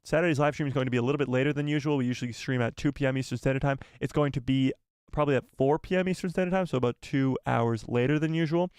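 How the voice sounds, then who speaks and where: A man's voice: medium pitch, steady tone, racing, a little mellow, smooth, no room sound. An upbeat man chats loosely with his live stream viewers, rambling and often repeating phrases. His voice sits in a mid range. He is recorded close on a dry mic with no room sound. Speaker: YouTube live stream host. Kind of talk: casual live stream chat.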